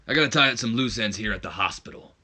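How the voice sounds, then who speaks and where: A man putting on a boastful wrestling legend delivering a loud promo, as a jokey impression. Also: lowish voice, expressive, fast talker, full character voice. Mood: hyped promo.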